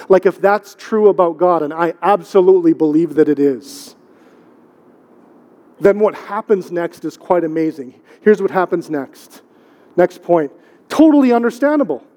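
A middle-aged man preaches in a casual, conversational way, leaning on repetition and questions to the congregation. His voice sits high for a man. The sound carries a long hall echo from the church. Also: dark tone. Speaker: pastor. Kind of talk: sermon. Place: church sanctuary.

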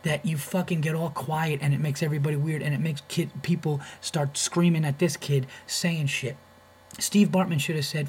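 A man's voice: on the high side, steady tone, moderate pace, a little hiss or hum. A man hosting a podcast, ranting in a profane, heated way and repeating words as he gets worked up. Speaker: podcast host. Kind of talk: comedic podcast rant.

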